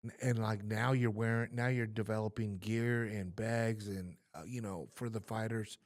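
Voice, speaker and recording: A man's voice: on the low side, steady tone, moderate pace. A man, a host and former boxer, chatting casually with frequent affirmations and fillers. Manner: warm affirming, frequent "yeah" and "you know". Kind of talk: casual interview chat.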